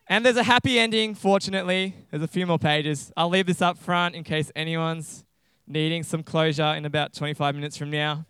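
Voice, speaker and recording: A man's voice: a little high, fairly even intonation, a little fast, fairly bright tone, clear, resonant tone, no room sound. A young adult man with an Australian accent preaching a chatty sermon and reading a storybook aloud. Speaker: pastor.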